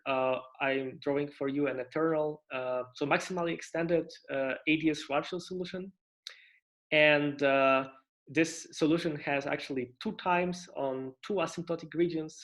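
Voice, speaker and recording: A man giving an online conference lecture on physics, talking in a halting way with many restarts and fillers and inviting questions. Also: fairly high pitch. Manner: asks for questions and interruptions. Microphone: computer mic on video call.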